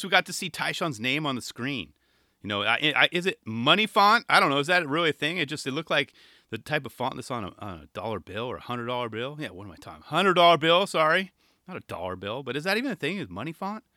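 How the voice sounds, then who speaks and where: A man with a very bright, forward voice talks through a skate clip in a loose, jokey way. His pitch swings widely as he riffs, and he often drops into quiet, trailing mumbles. The sound is close and dry, with no room around it. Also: sing-song, fast talker, dry recording. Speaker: skateboarding video reactor. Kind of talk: casual video reaction commentary.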